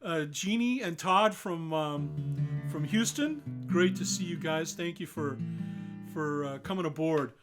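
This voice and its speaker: A man's voice: a little high, a little slow, music in the background. An older man hosting a live online concert, chatting casually between songs and greeting viewers by name. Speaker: singer-songwriter hosting a live stream concert.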